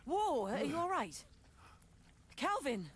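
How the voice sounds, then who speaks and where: An actress playing an anxious young woman explorer in a horror game, speaking softly and with worry, heard through game audio with background noise. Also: high-pitched, big pitch swings, slow, full character voice. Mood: alarmed.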